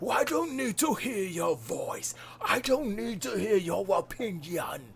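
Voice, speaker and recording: A man putting on a loud, pompous parliamentary speaker who orders people to sit down. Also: sits high, sing-song, gravelly, slight background noise, pitched above the performer's own voice, full character voice. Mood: commanding. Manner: shouting, commanding, drawn-out.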